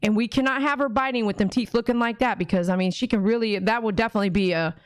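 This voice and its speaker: A woman's voice: a little high, fast, no echo. A woman dog groomer hosting a casual livestream, chatty and rambling, often acting out conversations.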